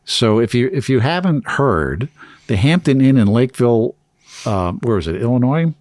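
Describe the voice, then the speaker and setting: A man's voice: mid-range voice, very animated, normal speed, darkish tone, no room sound, clean studio sound. A man co-hosting a podcast, telling a story in casual chat and laughing often as he goes. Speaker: podcast co-host.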